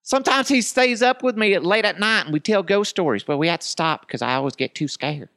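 A man doing a bragging male sportscaster with a voice pushed way up into a squeaky, excited register. He gushes about who he knows, sounding like a starstruck kid, as a comedian mocks him. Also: a little fast, no room sound, studio quality, exaggerated voice. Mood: gushing. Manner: gushing, high-pitched bragging. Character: boastful adult male sportscaster, giddy name-dropper.

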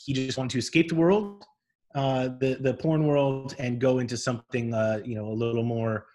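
A young man co-hosting a comedy podcast, speaking hesitantly with many fillers in a deadpan way. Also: medium pitch, normal speed. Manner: hesitant, full of uhs, deadpan. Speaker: podcast co-host.

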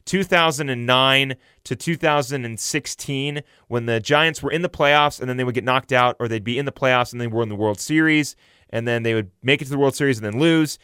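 Young male sports podcaster, loose and rambling, clear resonant tone, dry close-miked. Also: medium pitch, a little fast, sharp tone, dry recording. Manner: rambling, self-correcting, frequent fillers and restarts. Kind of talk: casual baseball commentary.

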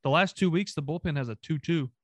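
A man's voice: fairly high pitch, fast, breathy edge, no echo. A man from the American South ranting emphatically, with swearing, as a co-host of a casual sports talk show.

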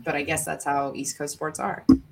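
A young woman hosting a sports podcast over a remote call, chatting casually with quick asides and frequent laughs. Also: sits low, little pitch movement, creaky, slight background noise. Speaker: podcast host.

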